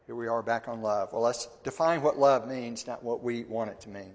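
A man's voice: medium pitch, normal speed, a little mellow. A man giving a conversational Bible teaching. He often repeats words and asks his listeners questions. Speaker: church teacher. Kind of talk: sermon-style Bible teaching. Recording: long hall reverb.

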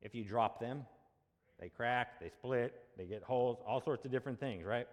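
A male pastor with a mid-range voice preaches at a moderate pace, keeping the sermon conversational. He poses rhetorical questions and checks in with the congregation, and the recording carries a long hall reverb.

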